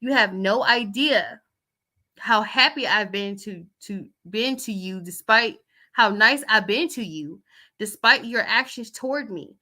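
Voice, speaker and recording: A woman's voice: medium pitch, measured pace, sharp tone. A woman chatting casually as host, reading out text messages with loose asides.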